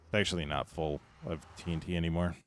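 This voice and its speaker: A man's voice: sits low, steady tone, fast, slight background noise. A man giving casual livestream commentary as a game streamer, rambling along and answering his chat between remarks.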